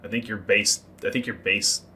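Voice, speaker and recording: A man acting as game master, narrating a tabletop game and explaining rules with relaxed fillers. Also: lowish voice, normal speed.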